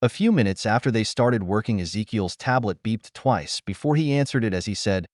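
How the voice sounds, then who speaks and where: A man with a low voice narrates an audiobook in a lively, expressive way, his tone swinging widely. He reads fairly quickly with few pauses, and the recording is dry and close with no room sound.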